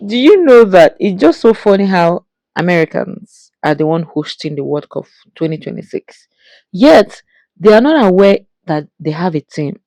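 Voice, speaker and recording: A woman's voice: on the low side, big pitch swings, normal speed, dark tone, dry recording. A woman hosting a reaction channel, musing aloud in casual commentary with lots of "you know" fillers. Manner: chatty, musing, many fillers.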